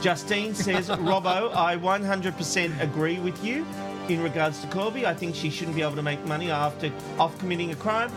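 A man's voice: high-pitched, brisk, over music. A man co-hosting a casual chat show, reading listener comments aloud and joking and laughing often. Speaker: co-host reading listener feedback.

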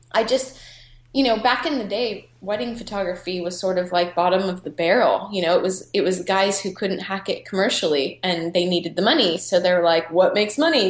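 A woman photographer tells her story in a candid, chatty way, her thoughts spilling out with frequent "you know" fillers. Her voice sits in an ordinary middle register. The recording is roomy, with clear echo around her. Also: mid-range voice. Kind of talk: casual personal storytelling.

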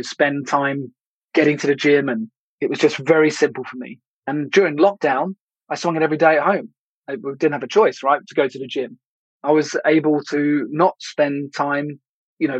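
A man with a slightly high, somewhat rough voice delivers a solo podcast monologue, reflective and conversational with some restarts. The recording is dull, lo-fi, and dry, with no room sound.

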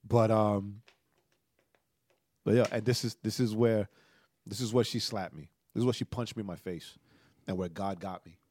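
A man's voice: on the low side, fairly even intonation, moderate pace, pauses often, a little mellow, dry recording. A man who is a pastor, telling a painful personal story in casual podcast talk, emotional and earnest, often checking in with "right?". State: emotional, tearful.

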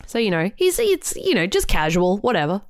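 A woman's voice: medium pitch, very animated, fairly quick. A woman co-hosting a casual album podcast, chatty and reading out fun facts with playful asides. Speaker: podcast co-host. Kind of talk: casual chat about albums.

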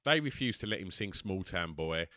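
A man's voice: low-pitched, moderate pace, no echo, studio quality. Sweary man telling a story. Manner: sweary, animated anecdote teller who acts out quotes. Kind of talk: casual chat, storytelling.

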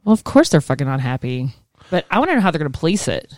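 A woman's voice: low-pitched, very animated, quick pace, a little mellow, no room sound, studio quality. Chatty laughing woman teacher. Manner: chatty, laughing, swears casually. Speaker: co-host, schoolteacher. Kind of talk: casual chat.

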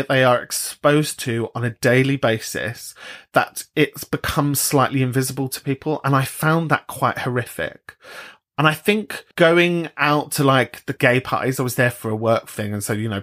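A British man hosting a podcast, chatting casually and swearing freely, often jumping into high mocking voices. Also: fairly bright tone. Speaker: podcast host. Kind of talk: casual chat.

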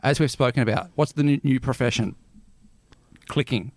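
A man co-hosting a podcast in casual chat, playful and laughing while fiddling with software. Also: mid-range voice, normal speed. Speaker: podcast co-host.

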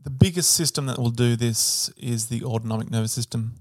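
A man's voice: mid-range voice, fairly quick, no room sound, studio quality. A man co-hosting an educational podcast, explaining step by step with fillers, self-corrections and the odd joke. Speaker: podcast co-host. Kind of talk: casual educational chat.

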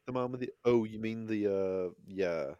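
Mellow-voiced man co-hosting a podcast. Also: lowish voice, moderate pace, dry recording, muffled recording. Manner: reactive, playful interjections. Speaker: podcast co-host. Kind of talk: casual chat.

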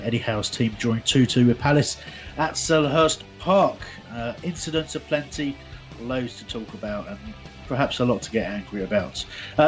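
A man hosting a casual football fan radio show, rambling with lots of fillers and restarts. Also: mid-range voice. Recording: dull lo-fi sound.

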